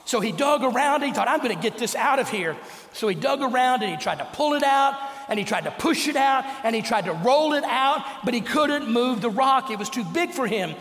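An older man preaching a sermon as pastor, telling stories and dropping to a hush for emphasis. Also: extremely high pitch. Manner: storytelling preacher, slows and drops to a hush for emphasis. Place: church sanctuary. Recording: echoey church hall.

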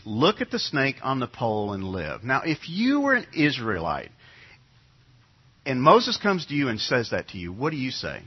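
A man delivering a sermon, his husky voice rising and falling as he tells the story and acts out panicked crowd voices. The recording is dull and lo-fi. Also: mid-range voice. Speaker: preacher.

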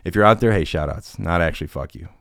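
A man's voice: low-pitched, quick pace, fairly bright tone, no room sound, studio quality. A man hosting a podcast in casual chat, rambling and jokey, often laughing. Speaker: podcast host.

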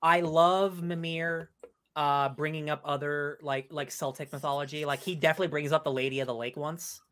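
A man chatting casually as co-host of a gaming podcast. He talks in an excitable, gushing way and often lets his sentences trail off half-finished. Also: a little high, moderate pace.

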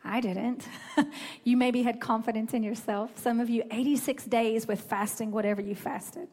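A woman's voice: on the high side, steady tone, moderate pace, a little mellow. A woman preacher praying and delivering a sermon to her church in a fervent, declarative cadence. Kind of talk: sermon with opening prayer. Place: church sanctuary. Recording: long reverb in a large hall with music.

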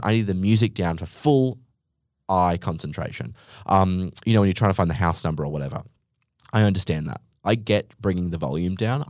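Sarcastic man, lively low voice. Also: no room sound, studio quality. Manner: sarcastic, profane and exaggerating. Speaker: podcast host. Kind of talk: comedic monologue rant.

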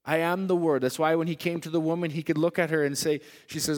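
A male preacher with a high-pitched voice delivers a sermon in a church hall. His delivery swings between loud, emphatic declarations and soft, hushed asides. The sound carries a long hall reverb. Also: steady tone, fast talker.

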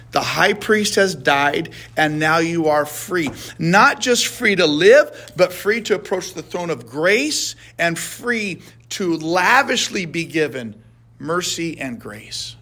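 A man's voice: fairly high pitch, lively intonation, slow pace, pushed and bright. A middle-aged man leading a casual Bible study, earnest and heartfelt, often stumbling and repeating words as he talks.

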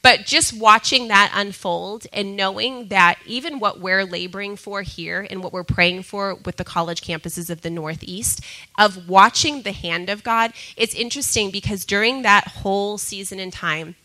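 A woman sharing a personal testimony with a group, talking in an animated way and often breaking into laughter. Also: mid-range voice, low-quality recording. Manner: laughs often, excitable, repeats herself.

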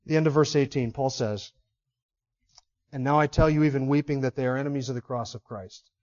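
A man preaching an expository sermon as pastor, passionate and emphatic, swinging between loud stresses and hushed asides. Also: medium pitch, fairly even intonation, fairly quick, highs cut off.

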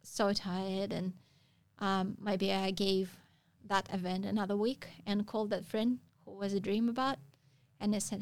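A woman's voice: medium pitch, level tone, dry recording. Woman telling a story. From Russia. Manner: halting non-native phrasing with frequent pauses. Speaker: guest. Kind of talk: casual storytelling interview.

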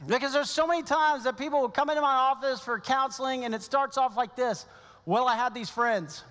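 A man's voice: very high voice, fairly even intonation, quick pace, a bit bright, in a large hall. A middle-aged male pastor giving a sermon, telling a story in a conversational way with asides.

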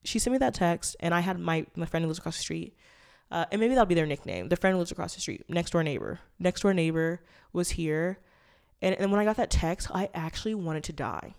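A woman's voice: on the low side, animated, a little fast, gravelly, darkish tone. A young woman in her twenties hosting a casual solo podcast, talking candidly and rambling with lots of fillers and swearing. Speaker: podcast host.

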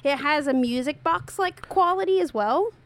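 A woman's voice: sits high, animated, moderate pace. Playful laughing woman host. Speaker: podcast host. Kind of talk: casual music discussion.

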